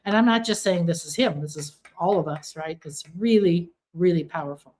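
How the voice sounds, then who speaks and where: A woman's voice: lowish voice, normal speed, darkish tone. A woman hosting a live stream of spiritual readings. She speaks earnestly and emphatically, and repeats words for stress as she chats with her viewers.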